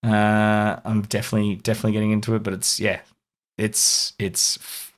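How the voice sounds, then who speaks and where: A man's voice: lowish voice, level tone, moderate pace. A young Australian man co-hosting a podcast, chatting casually in a rambling, filler-heavy way with frequent laughs. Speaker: podcast co-host. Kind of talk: casual chat.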